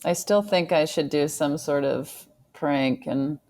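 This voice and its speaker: A woman co-hosting a podcast, casual chat with a deadpan, understated delivery. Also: low-pitched, takes it slowly. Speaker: podcast co-host.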